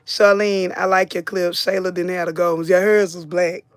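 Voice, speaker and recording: A woman's voice: fairly low pitch, fairly even intonation, normal speed, no room sound. A middle-aged woman, hosting a live commentary stream, chatting casually and reading viewer comments aloud. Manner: chatty, reads viewer names aloud, drawls and repeats phrases.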